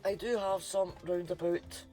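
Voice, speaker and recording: A man's voice: sits high, fairly even intonation, a little slow, dark tone, soft background music. Chatty Scottish man, slangy vlog natter. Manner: chatty, sprinkles Scots slang words. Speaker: vlogger. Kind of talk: casual chat to camera.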